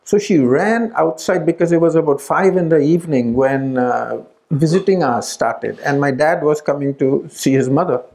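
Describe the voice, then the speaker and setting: A man's voice: on the high side, moderate pace, gravelly, hardly any pauses, a little mellow. A middle-aged man telling a family story at a gathering, acting out the voices of the people in it. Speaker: speaker at a spiritual retreat. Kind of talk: storytelling talk.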